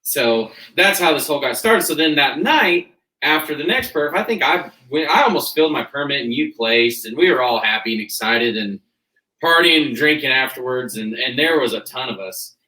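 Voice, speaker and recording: A man's voice: medium pitch, normal speed. Man animatedly telling a wild story. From Kansas. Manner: animated, laughing through the tale, acting out quotes. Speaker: guest, rodeo cowboy. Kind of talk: casual storytelling. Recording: roomy sound from a distant mic.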